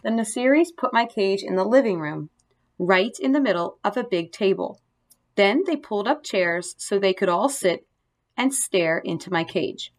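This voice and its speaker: A woman reads a children's storybook aloud with a gentle, expressive delivery. Her voice sits at an ordinary middle pitch, steady and clear for young listeners. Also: moderate pace. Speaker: narrator. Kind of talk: storybook narration.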